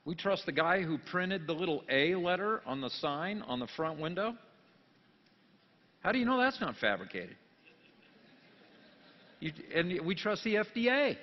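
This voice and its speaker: A pastor giving a jokey sermon, dropping to quiet asides and then rising into loud, emphatic bursts. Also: male voice, a little high. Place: church sanctuary. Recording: long church reverb, dull lo-fi sound.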